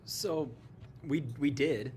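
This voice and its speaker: An American man, a guest on an online panel, speaking in a measured, hedging way. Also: fairly high pitch, a little mellow, a little hiss or hum. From USA. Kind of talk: casual panel chat.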